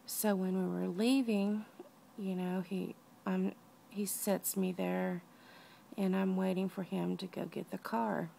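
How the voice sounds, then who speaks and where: A weak, out-of-breath woman lying down at home, talking softly in a personal video diary and often dropping to a whisper. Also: mid-range voice, flat delivery, slow pace, gravelly, a little hiss or hum. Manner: tired, soft-spoken, often drops to a whisper. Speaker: vlogger.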